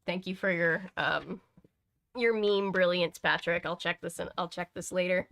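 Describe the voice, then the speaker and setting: A woman's voice: fairly low pitch, steady tone, normal speed, vocal fry, a bit bright. A woman hosting a live stream, reading a novel aloud with chatty asides, often stumbling and correcting herself. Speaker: host.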